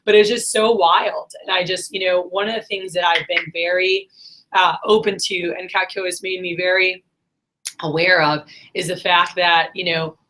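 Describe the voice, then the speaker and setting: A woman's voice: lowish voice, flat delivery, moderate pace, a bit bright. A woman in her thirties telling a personal story in a casual, rambling monologue full of fillers. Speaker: vlogger.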